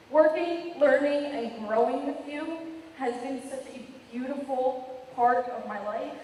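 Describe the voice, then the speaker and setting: A woman's voice: high voice, measured pace, dark tone, a little hiss or hum. A teenage girl, senior class president, giving a graduation speech, emotional and apologetic, laughing through tears. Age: teens. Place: large hall. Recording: echoey hall from far off.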